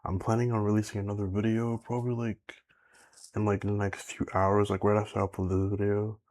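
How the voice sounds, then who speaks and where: A man's voice: on the low side, little pitch movement, brisk, darkish tone. A young man chatting casually to camera as a YouTuber, rambling with lots of filler words and swearing. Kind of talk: casual rambling vlog chat.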